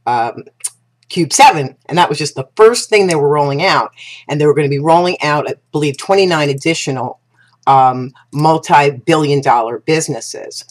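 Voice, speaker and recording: Gushing husky-voiced woman pitching eagerly. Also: moderate pace. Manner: gushing and excitable, with restarts and repeated exclamations. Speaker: affiliate marketer pitching a business platform. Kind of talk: casual promotional vlog talk.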